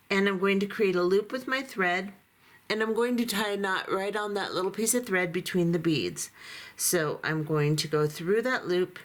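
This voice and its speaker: Calm woman teaching a beading tutorial. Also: medium pitch. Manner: calm, methodical, talks through each step while working. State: voice going hoarse. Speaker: beading instructor. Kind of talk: step-by-step craft tutorial.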